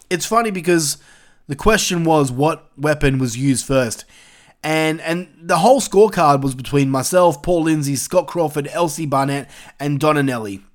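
A man hosting his own show, giving casual solo commentary in a profane, exasperated, ranting way. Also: a little high. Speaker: wrestling review show host.

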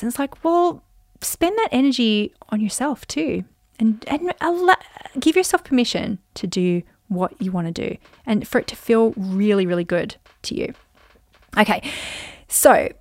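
A woman in her forties hosting a casual solo podcast, chatty and animated, acting out quoted voices with sudden jumps in pitch. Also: dry recording, clean studio sound. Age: 40s. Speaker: podcast host.

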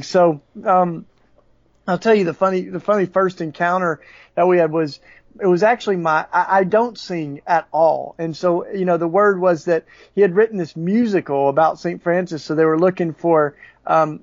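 Southern man, high voice, halting. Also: no echo. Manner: halting, many restarts and fillers. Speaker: guest. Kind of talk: conversational storytelling. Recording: dull, dry lo-fi audio.

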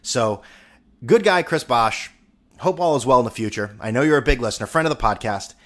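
A man's voice: mid-range voice, expressive, a little fast, fairly bright tone. A young man hosting a podcast, talking in a rambling, sarcastic and profane monologue. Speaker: podcast host. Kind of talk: casual monologue.

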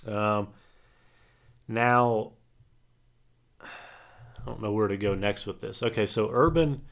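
A low-voiced man talking sports on a casual podcast. He rambles, hedges and stops to fill gaps with ums as he works through the story. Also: takes it slowly, creaky. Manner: rambling, hesitant with many fillers. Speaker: podcast co-host.

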